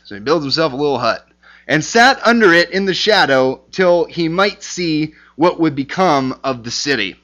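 A man's voice: fairly high pitch, fairly bright tone. A man teaching a casual Bible lesson, talking conversationally with lots of fillers and restarts.

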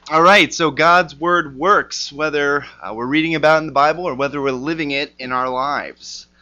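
A man's voice: a little high, fairly even intonation, normal speed, pushed and bright, slight background noise. A man teaching a sermon, explaining scripture and reading verses aloud. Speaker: Bible teacher. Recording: dull lo-fi recording.

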